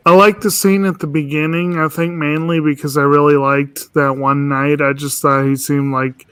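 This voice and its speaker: A man on a discussion panel, talking in a thoughtful, measured way. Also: a little high, a bit bright, clean tone, no echo. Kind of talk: casual group chat.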